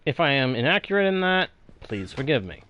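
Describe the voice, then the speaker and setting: A man's voice: medium pitch, sing-song, a little fast, sharp tone, lo-fi sound, a little hiss or hum. A man streaming a building game who chats playfully with viewers and mutters to himself as he works. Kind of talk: casual live-stream chat while playing.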